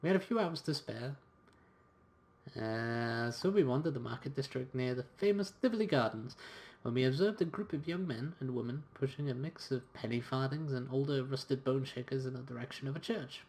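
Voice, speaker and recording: Male gamer, casual let's-play; reads story text aloud, relaxed. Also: medium pitch, moderate pace. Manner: relaxed, reading narration with occasional quoted voices.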